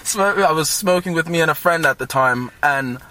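A man's voice: on the high side, moderate pace, sharp tone. A man in his twenties, a podcast guest telling tall tales with a straight face in a casual interview. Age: 20s.

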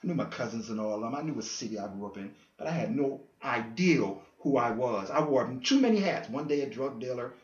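A man appears as a podcast guest, sharing an earnest testimony in a casual chat and acting out dialogue as he tells his story. His medium-pitched voice is brisk with lively intonation and few pauses. The recording is lo-fi and dull, made in an echoey room.

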